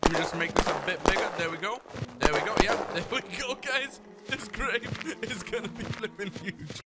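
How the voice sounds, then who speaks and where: A young man giving excitable let's-play commentary as a gaming YouTuber, shouting when surprised. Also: high-pitched, normal speed, heavy background noise. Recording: loud background music.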